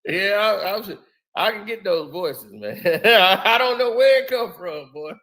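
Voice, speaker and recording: A man hosting a casual live stream chat, talking in animated slang and laughing often. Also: sits high, unhurried.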